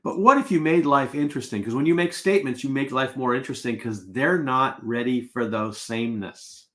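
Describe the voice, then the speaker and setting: Man coaching with lively anecdotes. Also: mid-range voice, fairly quick. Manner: casual, storytelling, acts out quoted exchanges. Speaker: sales and presentation coach. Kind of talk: live webinar teaching.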